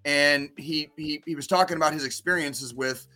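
A man's voice: on the high side, moderate pace, bright, forceful tone, soft background music. A man co-hosting a podcast, ranting in casual chat with lots of swearing. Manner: profane ranting, heavy swearing. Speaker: podcast co-host.

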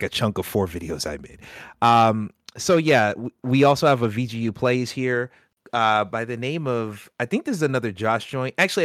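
A man hosting a casual gaming podcast, talking excitedly and often breaking into laughter. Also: mid-range voice, no echo, clean studio sound. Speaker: podcast host. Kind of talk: casual chat.

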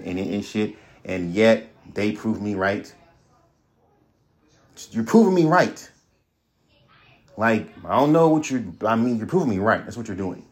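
Blunt, profane man ranting solo. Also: on the low side. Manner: blunt, profane, repeats himself. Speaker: podcast host.

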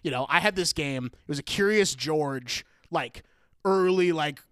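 A young man hosts a casual talk show, animated and laughing as he tells his stories. His voice sits high and clear, and the sound is dry and close. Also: a little slow, no echo. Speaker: podcast host. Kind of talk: casual chat.

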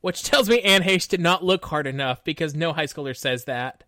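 Lower-voiced woman with dry quips. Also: normal speed, fairly bright tone, no room sound. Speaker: podcast co-host. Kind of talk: casual chat.

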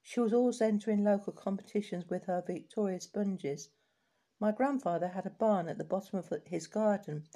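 Mellow-voiced woman reading memoirs aloud. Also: medium pitch. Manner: steady, unhurried reading with small restarts. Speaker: reader of collected life stories.

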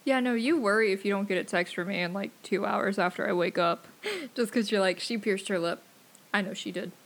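A woman's voice: mid-range voice, fairly quick, a bit bright. Wry, sweary woman co-host. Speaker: podcast co-host. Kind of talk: casual banter.

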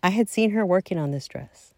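A middle-aged woman casually telling a personal family story, chatty and animated, acting out quotes and dropping into soft asides. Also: mid-range voice, a little fast, no room sound.

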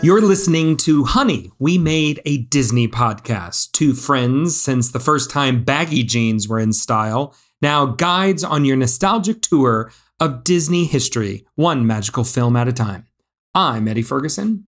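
Chatty animated male podcast co-host. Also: mid-range voice, measured pace. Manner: chatty, animated, with many fillers. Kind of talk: casual chat.

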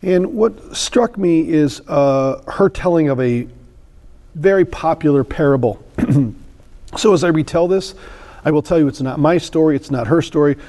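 Casting: a man in his fifties, a podcast guest with a mellow, slightly high voice, an animated storyteller. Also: moderate pace. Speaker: guest sales trainer.

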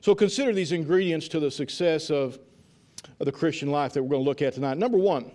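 A man's voice: fairly high pitch, fast, dark tone. A man preaching a sermon in church in a fervent, repetitive way, restarting his phrases as he goes. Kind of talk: evening sermon. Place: church with a congregation answering.

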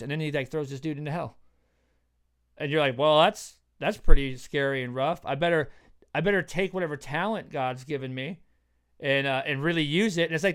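Higher-voiced man talking animatedly about scripture. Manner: animated, acts out quoted voices, many fillers. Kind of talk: casual theological discussion.

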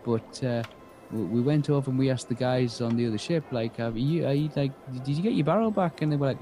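A man's voice: medium pitch, brisk, warm tone, faint music behind, rough recording. Rambling man spinning a tale. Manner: rambling, full of restarts and acted-out quotes. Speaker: game master. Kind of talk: in-character storytelling at a tabletop game.

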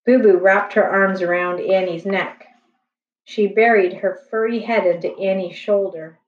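Slow gentle woman reading a storybook. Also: mid-range voice, fairly even intonation. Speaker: storybook reader. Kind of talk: reading a children's chapter book aloud. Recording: echoey room, distant, slightly dull.

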